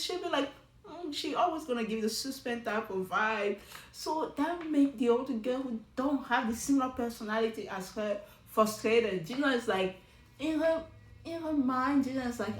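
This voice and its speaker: A woman giving a casual recap of a reality show, chatty and animated, often talking straight to the people on screen. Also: high voice, moderate pace, roomy sound, poor audio. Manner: chatty and animated, talks straight to the show's cast.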